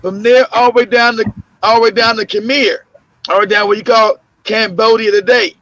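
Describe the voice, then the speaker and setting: A man's voice: sits high, steady tone, moderate pace, fairly bright tone, no echo. A man hosting a casual talk show, telling loose stories with many fillers, restarts and laughs. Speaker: podcast host. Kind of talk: casual conversational storytelling. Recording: muffled lo-fi audio.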